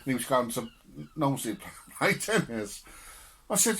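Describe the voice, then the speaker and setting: A man's voice: medium pitch, very animated, measured pace, a bit bright. A young man on a podcast telling family stories with laughter and swearing in casual chat. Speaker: podcast co-host.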